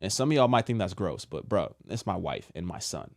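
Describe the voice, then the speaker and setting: A man with a fairly low voice tells a personal story in an animated, slangy way, slipping into the voices of the people in it. The sound is dry and close, with no room echo. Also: brisk, vocal fry. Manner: animated, acts out quotes with slang. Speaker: storyteller sharing a testimony.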